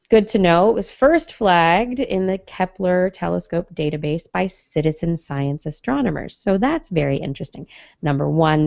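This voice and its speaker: Woman podcast host, low gravelly voice, dull lo-fi sound, chatty and playful. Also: darkish tone, no echo. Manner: chatty, jokey, reads news with asides. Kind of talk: casual science podcast chat.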